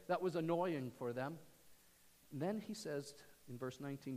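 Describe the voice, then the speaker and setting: A man preaching a sermon to his church, swinging from loud emphasis to hushed near-whispers. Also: a little high, normal speed, big-room sound. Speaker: pastor. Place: church sanctuary.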